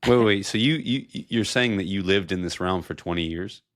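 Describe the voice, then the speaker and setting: A man's voice: sits low, fairly quick, fairly bright tone, no room sound, clean studio sound. A man hosting a podcast, reacting to his guest with short exclamations and questions in casual chat. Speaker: podcast host.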